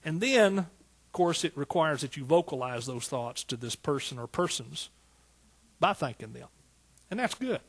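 A man's voice: fairly high pitch, a little slow, husky. Folksy East Texas preacher man. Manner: folksy, animated preaching with rhetorical questions. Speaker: pastor. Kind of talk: sermon.

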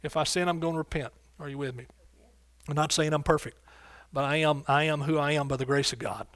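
A man's voice: on the high side, steady tone, a little fast, a bit bright. A man preaching a sermon as pastor, fervent and exclaiming, calling out to his congregation. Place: church sanctuary.

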